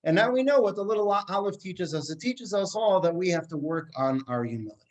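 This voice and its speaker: Animated man teaching a Torah class. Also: high voice, quick pace, rough recording. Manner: animated, swinging between quiet and emphatic. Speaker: rabbi teaching a weekly class. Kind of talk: Torah class lecture with storytelling.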